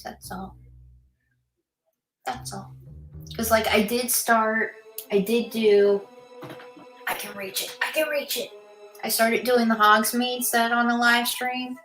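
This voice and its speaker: A woman's voice: medium pitch, fairly bright tone. A woman casually chatting on a livestream, answering viewer comments and muttering to herself as she builds. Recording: music playing under the voice. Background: music.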